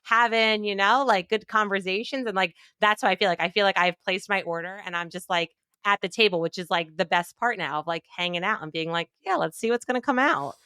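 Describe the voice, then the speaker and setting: Female guest, bright clear voice, chatty and expressive, dry close recording. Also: medium pitch, brisk, few pauses, dry recording. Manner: chatty, many "like" fillers, expressive quoting. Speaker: podcast guest, clinical nutritionist. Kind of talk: casual conversational interview.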